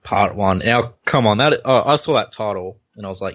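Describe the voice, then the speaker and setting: An easygoing man hosting a casual comic book chat, describing panels one by one in a fairly low voice. The recording sounds dull and lo-fi. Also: brisk, few pauses, a bit bright. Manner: easygoing, narrates panels step by step. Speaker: podcast host.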